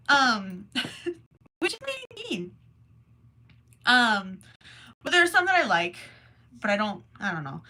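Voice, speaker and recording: Slow, rambling young woman host. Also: a little high, big pitch swings. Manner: slow, rambling and self-deprecating, with soft asides. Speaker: crochet livestream host. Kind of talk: casual livestream chat, reading chat messages.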